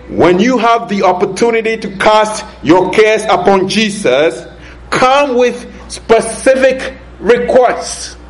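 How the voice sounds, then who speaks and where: A man preaching a sermon, slow and deliberate, drawing out key words for emphasis and chuckling now and then. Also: high voice, rough recording.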